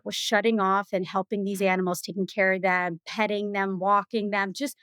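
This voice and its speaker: A woman guest telling stories in a casual interview, chatty and animated, full of "you know" and "like.". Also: mid-range voice, no echo. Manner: animated, acts out other people's lines. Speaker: podcast guest.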